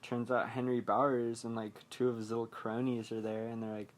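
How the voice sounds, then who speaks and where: A man's voice: mid-range voice, level tone, fairly quick. A man hosting a podcast, recapping a horror movie in a casual, rambling way, full of fillers and chuckles at his own remarks. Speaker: podcast host.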